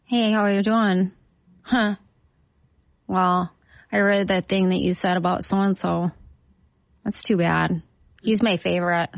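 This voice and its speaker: A woman voicing a flat-faced, scolding small-town local with a Minnesotan accent and a passive-aggressive flat affect. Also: fairly low pitch, fairly quick, creaky, no room sound, low-quality recording.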